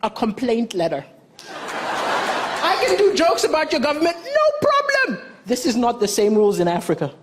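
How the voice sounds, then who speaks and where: A man from Malawi doing a stand-up comedy set on a television stage, deadpan and self-mocking with bursts of mock shouting. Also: extremely high pitch, moderate pace. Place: television stage before a live audience. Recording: noisy live stage with audience laughter.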